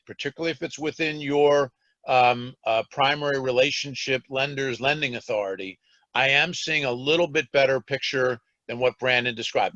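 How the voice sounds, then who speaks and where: A man's voice: mid-range voice, fairly bright tone, no room sound, lo-fi sound. A man on a banking panel, speaking cautiously and qualifying his points with many fillers, heard over a remote-call connection. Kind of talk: panel discussion on a video call.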